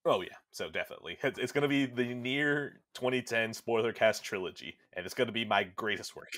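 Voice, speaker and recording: A young man hosting a podcast in casual chat, animated and swearing freely as he acts out characters. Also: mid-range voice, fairly quick. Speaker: podcast host. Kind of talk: casual chat recapping a game.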